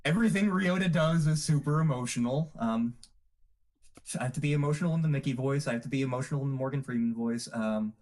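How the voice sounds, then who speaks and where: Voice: mid-range voice, fast talker, darkish tone. A podcast host chatting casually with the crew, rambling and laughing often. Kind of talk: casual group podcast chat.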